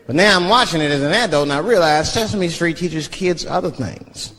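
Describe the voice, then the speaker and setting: A male stand-up comedian telling a profane story, animated, acting out voices of the people in it. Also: a little high, a little fast, hardly any pauses. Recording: live show with audience laughter and noise.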